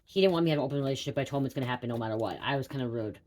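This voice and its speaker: A woman's voice: a bass voice, very fast, a little mellow. A woman psychic telling a personal story to her viewers in a rambling, repetitive way, swearing casually and often saying "you guys.". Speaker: psychic reader.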